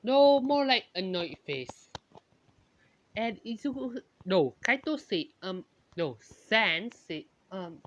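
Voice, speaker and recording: A woman narrates a fan story she makes up as she goes, slow and halting, often backing up to fix a name or word. Her pitch swings widely through each line, and the recording sounds dull and lo-fi. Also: very animated, slight background noise. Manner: hesitant, often corrects herself mid-sentence.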